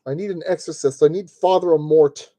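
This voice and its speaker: A man's voice: high-pitched, expressive, normal speed, dark tone, dry recording. A man talking to himself as he streams a model kit build, grumbling at fiddly parts and cracking jokes as he works. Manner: grumbling, joking self-talk while working. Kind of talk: live-stream building commentary.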